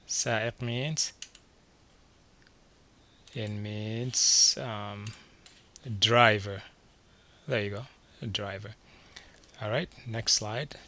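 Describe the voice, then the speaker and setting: A man teaching a beginner vocabulary lesson from slides, saying each word twice and slowly before asking what it means. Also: mid-range voice, sharp tone. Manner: repeats each word slowly, then quizzes the listener. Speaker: language teacher.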